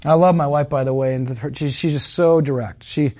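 A man's voice: fairly high pitch, steady tone, brisk, darkish tone. A man preaching a sermon as pastor, telling a personal story in an earnest, conversational way that builds to emphatic peaks.

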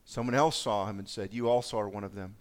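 Lower-voiced man preaching conversationally. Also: steady tone, fast. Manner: conversational, reads scripture aloud then reflects. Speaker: pastor. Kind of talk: sermon.

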